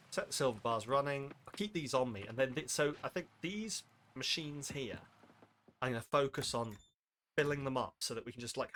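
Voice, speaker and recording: Guy on a game stream, bright voice, mumbles along as he plays, jokey, faint hiss behind. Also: mid-range voice. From UK, near Wales. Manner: muttering running commentary, jokey and self-deprecating. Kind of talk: casual live-stream gameplay chat.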